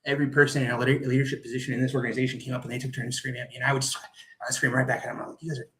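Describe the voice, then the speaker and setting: Guy retelling his story on a podcast, lively, acts out what people said, mid pitch. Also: very fast, poor audio. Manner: vivid, animated retelling with acted-out quotes. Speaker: guest, Air Force veteran. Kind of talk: personal storytelling in a podcast interview.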